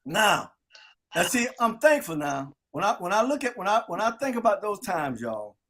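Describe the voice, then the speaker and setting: Guy hosting a sports talk show, high voice that jumps all over, acts out the stories. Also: moderate pace. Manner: lively storyteller acting out quotes. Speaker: host. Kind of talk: casual storytelling with old teammates.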